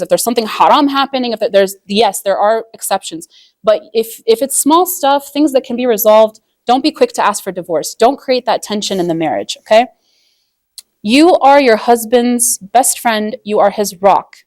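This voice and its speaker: A woman's voice: medium pitch, dry recording, clean studio sound. A woman giving a casual religious lesson on marriage in a chatty way, full of "like", acting out quoted voices as she tells stories. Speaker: Islamic marriage teacher.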